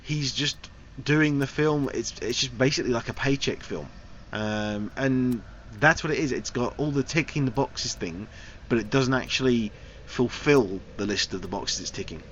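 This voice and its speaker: A man's voice: medium pitch, moderate pace, fairly bright tone. Man rambling through a film review. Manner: rambling, frank critique with loose wandering sentences. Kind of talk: casual spoken film review. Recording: slightly dull recording with faint hiss.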